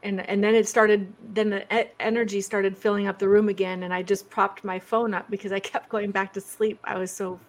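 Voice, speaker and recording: A woman's voice: medium pitch, flat delivery, brisk, few pauses. A woman speaks as a guest over a video call. She is chatty, breaks off her own sentences and laughs often. Her voice sits in a middle range.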